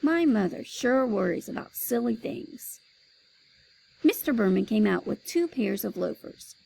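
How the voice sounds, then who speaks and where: A woman, a teacher, reading a children's chapter book aloud with expressive storytelling. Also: mid-range voice, measured pace, vocal fry, a little hiss or hum, poor audio.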